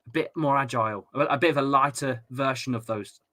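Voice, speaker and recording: This chatty English lad with a bright, mid-range male voice hosts a fan watchalong stream, reading live chat comments casually and fairly quickly. He jokes around, repeats himself, and trips over his words.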